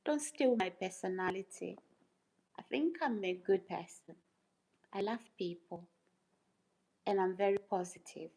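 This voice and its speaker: Slow-talking woman livestreamer, emphatic. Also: medium pitch, gravelly, dark tone, rough recording. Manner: emphatic, repeats phrases, rhetorical questions. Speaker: YouTuber livestream host. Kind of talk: casual livestream talk to chat.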